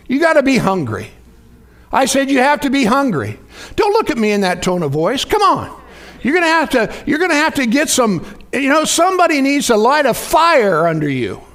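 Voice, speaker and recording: A preacher with a strikingly high voice delivers a folksy sermon. He talks casually and keeps calling on the congregation to answer him back. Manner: lively, folksy preaching with call-and-response.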